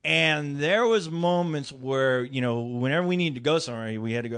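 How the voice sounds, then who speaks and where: A man's voice: moderate pace, hardly any pauses, smooth. A man on a podcast telling a funny story in casual chat. He laughs a lot and swears freely. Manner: animated, laughing, swears freely, jumps into high voices for quoted people. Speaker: podcast co-host.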